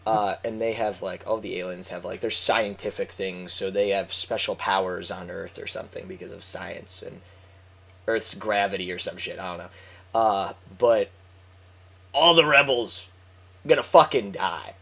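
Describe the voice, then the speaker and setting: A man's voice: deep voice, moderate pace, creaky, fairly bright tone. A man chatting casually with a friend, rambling and swearing with lots of fillers. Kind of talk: casual chat.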